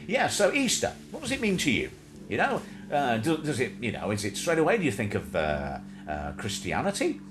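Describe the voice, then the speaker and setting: A man co-hosting a live stream, rambling from joke to joke as he talks to viewers and to his pets. His pitch swings wildly as he chats. The audio carries steady background noise. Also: normal speed. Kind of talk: casual chat. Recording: noisy home stream audio.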